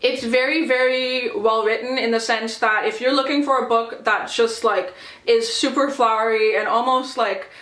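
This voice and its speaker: A woman's voice: a little high, fairly even intonation, moderate pace, a bit bright. A young woman gushing over books in a casual review vlog, chatty and full of fillers. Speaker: book vlogger. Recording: echoey room.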